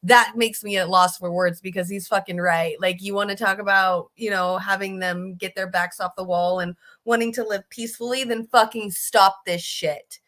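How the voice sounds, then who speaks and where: A woman's voice: medium pitch, fairly even intonation, moderate pace, few pauses, a bit bright. A woman giving casual, blunt political commentary, emphatic and swearing freely, often restarting her sentences. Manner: restarts and fillers, riled up.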